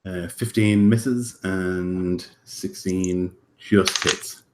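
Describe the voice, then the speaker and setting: Male player, lowish voice, casual, rules talk with fillers. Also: steady tone, drawn-out words, background noise. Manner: explains dice rolls and actions casually. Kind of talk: tabletop game play.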